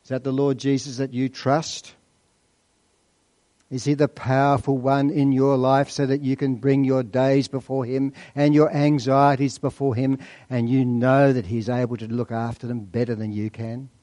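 A man preaching a sermon, asking rhetorical questions and slowing down to stress key points. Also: medium pitch, level tone, mellow.

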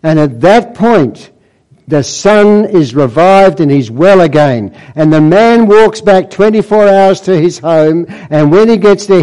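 Male preacher, slightly high, mellow voice, storytelling sermon delivery. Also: rough recording. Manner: storytelling, quoting scripture with dramatic emphasis.

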